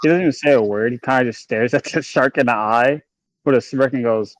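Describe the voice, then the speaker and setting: A man playing a tabletop game, his voice at a middling pitch for a man. He talks in a calm, laid-back way, and the recording is dry and close. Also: brisk, dry recording, low-quality recording. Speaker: player.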